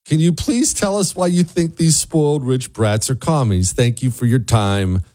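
A man's voice: mid-range voice, normal speed, dark tone. A man hosting a talk show, delivering a sarcastic, ranting commentary monologue that drifts into asides. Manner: wanders off on asides.

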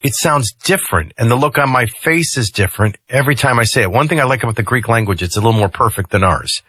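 Husky, forceful male radio host. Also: medium pitch, animated, quick pace, no room sound. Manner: conversational, jokey asides. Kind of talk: talk radio commentary. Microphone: studio mic.

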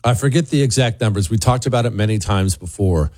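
A man's voice: on the low side, fast, darkish tone, no echo, clean studio sound. A man hosting a talk radio show, delivering an emphatic, combative monologue and reading his own sponsor ads. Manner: emphatic, combative, repeats words when worked up.

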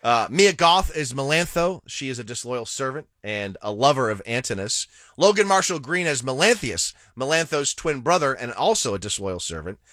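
A man's voice: mid-range voice, very animated, moderate pace, few pauses, a bit bright, no echo, studio quality. A man co-hosting a podcast, casually reviewing a film and reading through its cast with jokey asides. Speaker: podcast co-host. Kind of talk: casual movie review chat.

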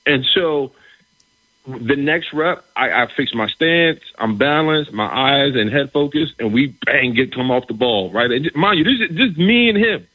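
A middle-aged man, a former pro football player, telling a story in a casual conversation, animated, often restarting his phrases and asking "right?". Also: mid-range voice, a little slow, no room sound. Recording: dull, slightly lo-fi recording.

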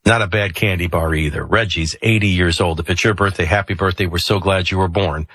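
A male morning radio host with a bright, forceful voice that has a husky edge. He talks breezily and drops wry asides in an announcer's sing-song rhythm. He is close to a dry studio microphone. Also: sits low, a little fast, no echo. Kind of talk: casual radio chat and sports rundown.

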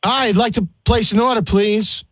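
A man's voice: high-pitched, steady tone, normal speed, heavy background noise. A man making a prank phone call, playing an innocent customer. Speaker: prank caller.

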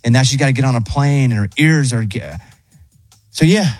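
A man's voice: medium pitch, brisk, darkish tone, no room sound, faint music behind. A man hosting a radio show, telling a rambling, self-deprecating story in casual on-air chat.

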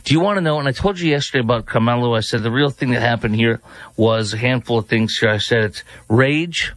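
A man's voice: medium pitch, a little fast, no echo. A man hosting political commentary, sarcastic and mocking. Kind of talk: opinionated commentary.

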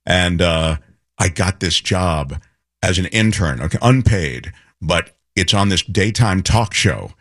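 A man co-hosting a show, telling a lively anecdote in casual chat and imitating people as he goes. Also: low-pitched, takes it slowly, dry recording, studio quality. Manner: animated anecdote teller, imitates voices.

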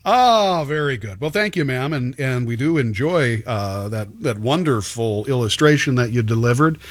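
A man's voice: mid-range voice, moderate pace, no echo. A man hosting a talk show, chatting casually and telling stories with plenty of restarts. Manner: chatty, storytelling, many restarts. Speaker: radio show host.

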